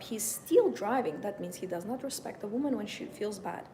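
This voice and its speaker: Woman coach on a live stream, mellow tone, faint hum behind, forceful repeated warnings. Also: fairly high pitch, sing-song, moderate pace. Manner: emphatic, repeats phrases, moralizing. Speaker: dating coach.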